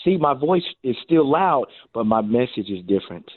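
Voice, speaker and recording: A man's voice: mid-range voice, moderate pace, no room sound. A man, a former pro receiver turned coach, telling stories on a radio show and acting out the quotes as he talks. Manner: animated storyteller, acts out quotes. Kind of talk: casual radio interview. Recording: tinny phone line.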